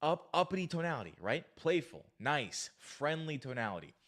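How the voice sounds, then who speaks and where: A man's voice: a little high, normal speed. A man giving dating advice through an eager story, acting out the dialogue. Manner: eager, animated, acts out dialogue.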